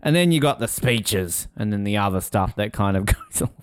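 A man co-hosting a podcast in casual chat, animated and swearing, laughing and mimicking people as he talks. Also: fairly low pitch, normal speed, clean tone, no room sound, clean studio sound. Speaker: podcast co-host.

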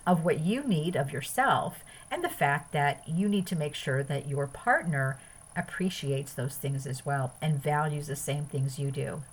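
A woman with a slightly low, husky voice hosts a self-help podcast. She talks earnestly about inner growth and piles up long lists of phrases as she goes. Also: low-quality recording. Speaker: podcast host. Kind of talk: spiritual self-help talk.

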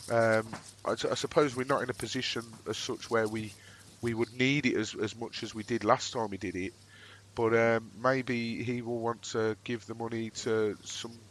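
A chatty man from the north of England with a matching accent, co-hosting a relaxed football podcast and laughing along with the others. His voice sits in an ordinary middle register. A faint hiss runs behind him. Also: mid-range voice, moderate pace. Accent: Northern English. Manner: chatty, laughs often, jokey. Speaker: podcast co-host. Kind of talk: casual chat.

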